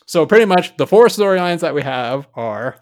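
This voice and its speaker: A man's voice: a little high, lively intonation, normal speed, a little mellow. A man co-hosting a casual podcast, ranting sarcastically about a movie, swearing often and rambling. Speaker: podcast co-host.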